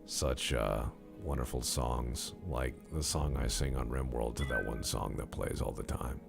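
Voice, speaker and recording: A man's voice: rumbling low, a little slow, gravelly, loud music behind the voice. A man streaming a game and talking casually, rambling in a joking, mock-serious way.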